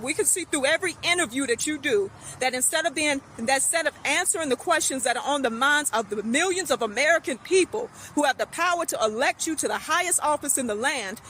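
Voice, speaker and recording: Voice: high-pitched, bright, forceful tone, slight background noise, poor audio. A speaker lecturing straight to camera in a repetitive, emphatic rant. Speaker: social media commentator. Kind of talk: direct-address rant to camera.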